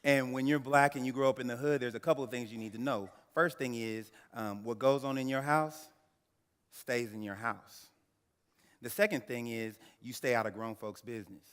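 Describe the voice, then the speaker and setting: A man in his thirties giving a keynote speech, telling a personal story with dramatic pauses and talking straight to the audience. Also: mid-range voice, fairly even intonation, a bit bright, clean tone. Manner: dramatic storyteller who addresses the audience directly. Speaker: keynote speaker. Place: large banquet hall. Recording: echoey banquet hall through a PA.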